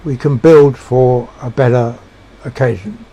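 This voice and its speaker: A man giving a reflective monologue, halting and searching for words with frequent restarts. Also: medium pitch, mellow. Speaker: speaker sharing personal beliefs.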